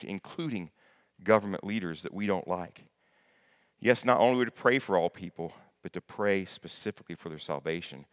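A man's voice: medium pitch, a bit bright. A man preaching a sermon to his congregation, emphatic, repeating key words and asking them questions, often stumbling and restarting. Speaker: pastor.

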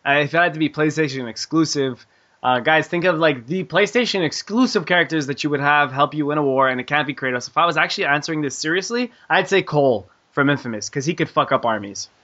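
A man's voice: fairly high pitch, quick pace, sharp tone. A man hosting a casual podcast, reading listener emails and joking around with swearing. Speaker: podcast host. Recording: dull lo-fi audio.

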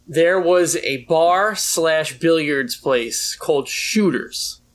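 A man with a fairly high voice chats on a podcast, wandering into side stories. His talk is casual and peppered with swearing. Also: slow. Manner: swears casually, rambling asides. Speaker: podcast co-host. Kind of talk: casual chat.

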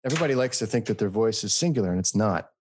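A man from the United States in casual chat, telling animated stories and mimicking voices. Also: lowish voice, racing, husky, dry recording, studio quality.

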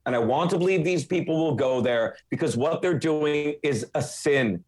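A man's voice: fairly high pitch, normal speed, darkish tone. A man hosting a podcast, talking in a blunt, profane, jokey way in casual chat. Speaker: podcast host.

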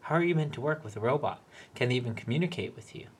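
A man's voice: medium pitch, a little fast, husky. A man voicing a hot-headed, blunt and sweary middle-aged factory worker in a spoken story. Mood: indignant.

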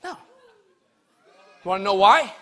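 High, bright-voiced preacher man shouting. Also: lively intonation, a little slow. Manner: rhythmic, emphatic preaching that swings from hushed to shouting. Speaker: pastor. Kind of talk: sermon.

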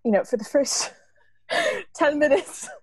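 A woman's voice: high voice, huge pitch swings, takes it slowly, no echo. A woman in casual conversation, chatty and laughing, with lots of fillers and restarts. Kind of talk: casual chat.

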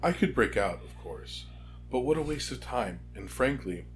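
A man reading aloud and voicing a gentle, dryly polite old male headmaster. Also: medium pitch, expressive, moderate pace, faint music behind, pitched above the performer's own voice, lightly acted.

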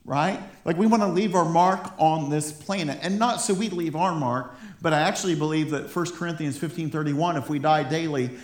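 A man preaching a sermon in a church, fired up and stumbling over his words in quick restarts. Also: a little high. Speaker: pastor. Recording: roomy echo in a church.

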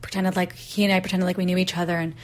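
A woman's voice: fairly low pitch, very fast. A woman in her thirties, a podcast host telling a personal story and acting out the voices in the dialogue she quotes. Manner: animated, acts out voices in quotes.

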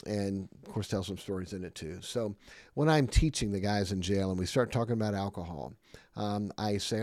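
A man's voice: on the low side, animated, moderate pace, gravelly, a little mellow, dry recording. Emphatic preaching man, dry close sound. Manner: emphatic, with rhetorical questions and repetition. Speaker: podcast preacher and jail Bible teacher. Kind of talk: Bible lesson, sermon-like.

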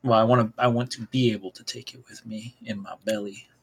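A man playing a tabletop role-playing game who laughs often and reacts quickly to events. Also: on the low side, fairly even intonation, husky. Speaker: player.

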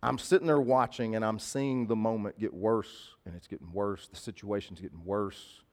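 A man's voice: fairly low pitch, steady tone, normal speed, darkish tone. A man preaching a sermon, telling a personal story in a conversational, emphatic way and repeating key phrases. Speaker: pastor.

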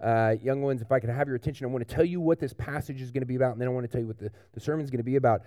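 A man preaching a children's sermon in church, telling a picture-book story in a lively, animated way to the young ones. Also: mid-range voice, rapid-fire, no room sound, studio quality. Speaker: pastor.

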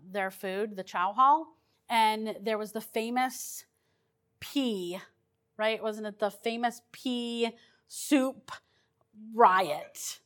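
A woman's voice: fairly high pitch, a bit bright. A woman paranormal investigator telling her stories in a chatty, rambling way, with restarts and fillers. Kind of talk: casual storytelling.

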